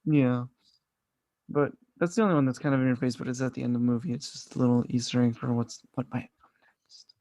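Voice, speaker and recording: A man's voice: mid-range voice, steady tone, fast, warm tone. A man chatting casually as a podcast co-host, enthusiastic and rambling, swearing often. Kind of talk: casual movie review chat.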